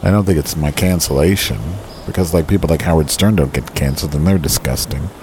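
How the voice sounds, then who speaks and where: Deep-voiced man grumbling and swearing outdoors. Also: a little fast, darkish tone. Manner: profane, grumbling, self-pitying. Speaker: vlogger. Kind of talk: rambling outdoor vlog rant. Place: outdoors on a park bench. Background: birds and passing traffic.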